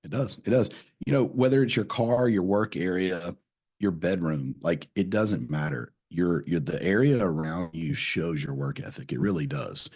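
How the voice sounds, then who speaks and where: A man's voice: deep voice, moderate pace, a little mellow, breathy edge. A man hosting a casual podcast chat, telling folksy sales stories with repeated phrases and a friendly "man" here and there. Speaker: podcast host.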